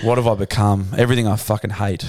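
A man's voice: on the low side, little pitch movement, fast, a loud crowd. A young Australian man co-hosting a podcast in crude, casual banter. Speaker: podcast co-host.

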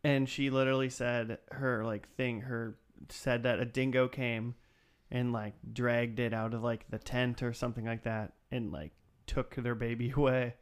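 A man's voice: mid-range voice, flat delivery, normal speed, clear, resonant tone. Rambling man hosting a chatty podcast. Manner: rambling, full of "like". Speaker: podcast host. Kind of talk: casual chat.

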